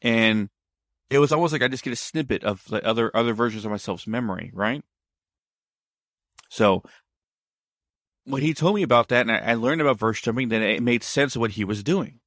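A man's voice: medium pitch, fairly quick, pauses often, a bit bright, no echo, studio quality. A man telling a story in casual conversation, meandering and often backtracking to explain himself.

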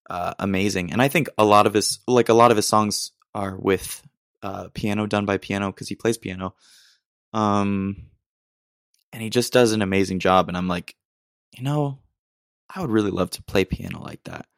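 A man's voice: on the low side, vocal fry, no room sound, clean studio sound. A young American man hosting a casual solo podcast, rambling in a self-deprecating way with lots of ums and restarts. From United States. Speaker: podcast host.

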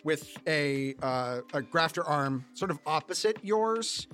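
A man runs a tabletop game, narrating scenes in a loose, rambling way with many fillers. His voice sits a little high for a man. Faint music plays in the background. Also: lively intonation, takes it slowly, a bit bright. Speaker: game master.

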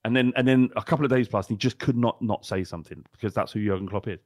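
A man's voice: lowish voice, very fast, no room sound, clean studio sound. A man co-hosting a football podcast, ranting bluntly and heatedly with plenty of swearing. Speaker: podcast co-host. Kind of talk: casual chat.

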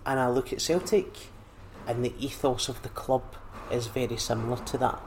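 A man's voice: mid-range voice, moderate pace, creaky, slight background noise. A man with a Scottish accent, a comedian chatting casually and acting out anecdotes, often repeating phrases. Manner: animated, repeats phrases, acts out quotes. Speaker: podcast guest, comedian. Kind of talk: casual chat, storytelling.

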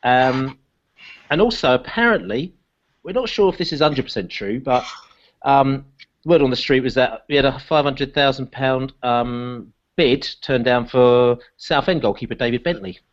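Football podcast host, leads the chat, mid-pitched, dull lo-fi sound. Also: male voice, normal speed. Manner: leads the talk, hands questions to the panel.

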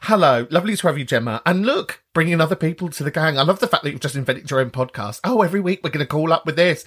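A man's voice: a little high, very animated, quick pace, a bit bright, husky. A man in his thirties hosting a podcast, chatting casually and responding to callers in a camp, jokey way with frequent giggles. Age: 30s. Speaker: podcast host.

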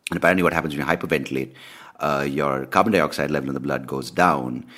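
A man hosting a podcast, telling a personal story in a candid, animated way with plenty of swearing. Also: extremely low pitch, fast talker. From India. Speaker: podcast host. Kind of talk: casual ranting monologue.

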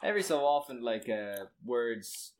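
A man's voice: medium pitch, animated, unhurried. A young man co-hosting a podcast, telling stories casually and swearing in passing. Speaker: podcast co-host. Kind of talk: casual banter.

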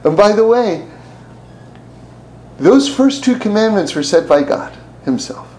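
A man's voice: sits high, unhurried, poor audio. A man giving a sermon, telling stories and acting out the voices in them, with frequent laughs. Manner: animated, acts out voices in the stories, laughs often. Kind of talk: sermon with storytelling.

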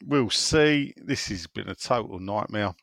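A man's voice: lowish voice, expressive, measured pace, vocal fry, a bit bright, no echo, clean studio sound. A man hosting a casual football podcast over a remote call, rambling, swearing and chuckling to himself. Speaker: podcast host.

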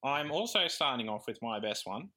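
A male podcast co-host chatting casually. His voice is bright and bouncy, and he laughs easily. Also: mid-range voice, moderate pace, slight background noise. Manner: laughs often, animated. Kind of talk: casual chat.

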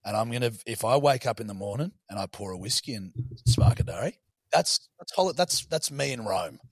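A man's voice: medium pitch, lively intonation, fairly quick, slightly rough, no room sound. A man, co-hosting a podcast with sweary, laughing banter. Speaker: podcast co-host. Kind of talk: crude casual banter.

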